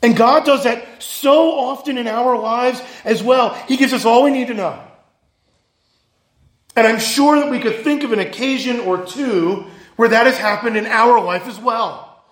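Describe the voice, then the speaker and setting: A man's voice: very high-pitched, unhurried, fairly bright tone, reverberant. A male pastor giving a sermon, earnest and emphatic, asking his listeners questions.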